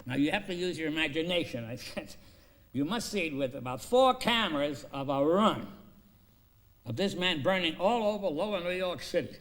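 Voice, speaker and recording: A man pitching a film story, acting out the characters' lines and swinging between loud and hushed delivery. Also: lively intonation, normal speed.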